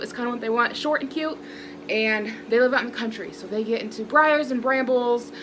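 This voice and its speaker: A woman's voice: medium pitch, noisy background. Young woman vlogger, casual phone-recorded rant, chatty and frustrated. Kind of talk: casual vlog chat.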